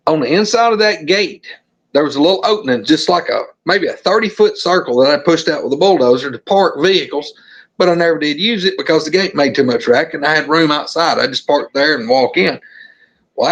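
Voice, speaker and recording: High-voiced Southern storyteller man. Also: a little fast, muffled recording. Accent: Southern American. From Alabama, USA. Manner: animated, acts out the scenes. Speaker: podcast guest. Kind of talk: storytelling in a podcast interview.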